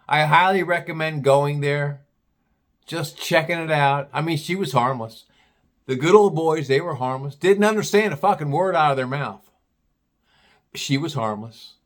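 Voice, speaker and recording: A man's voice: on the high side, expressive, moderate pace. A man from Ohio telling a casual story, rambling and repeating himself, with the odd curse word. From Cincinnati, Ohio.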